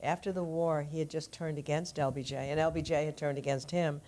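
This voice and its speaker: A woman's voice: low-pitched, fairly even intonation, fairly quick, dark tone. An older woman, an author being interviewed, who tells stories fluently in conversation and laughs easily. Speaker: author guest.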